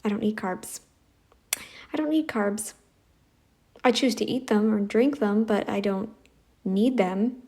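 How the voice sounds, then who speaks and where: A woman's voice: medium pitch, steady tone, moderate pace, mellow. Blunt, mocking woman commentator. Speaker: reaction commentator. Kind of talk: sarcastic reaction commentary. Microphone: phone mic.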